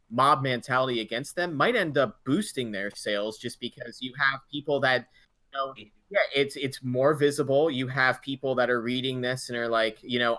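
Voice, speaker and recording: A man co-hosting a gaming podcast in casual chat, thinking out loud with restarts and fillers. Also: medium pitch, no echo. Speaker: podcast co-host.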